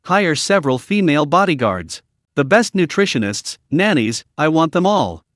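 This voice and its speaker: A man voicing a rich young father who is gentle with his little daughters and firm when giving orders to staff. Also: fairly high pitch, very animated, moderate pace, no room sound, studio quality. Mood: fond.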